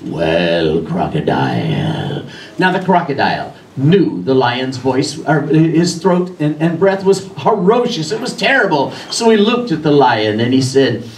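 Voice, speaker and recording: A man telling a rhyming animal fable in an animated, sing-song way to an audience. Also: on the high side, moderate pace, few pauses, slight background noise. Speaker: storyteller. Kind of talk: theatrical storytelling for an audience. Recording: roomy echo, distant mic, faint ambience.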